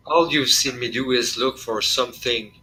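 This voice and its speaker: A man's voice: mid-range voice, moderate pace, pushed and bright, husky, rough recording. A man playing in a tabletop game, explaining his moves in a dry, matter-of-fact way. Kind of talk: casual game table chat.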